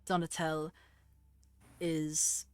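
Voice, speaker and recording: Woman playing a hesitant, formal male advisor; low voice, slow. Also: flat delivery, clear, resonant tone, no room sound. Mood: somber.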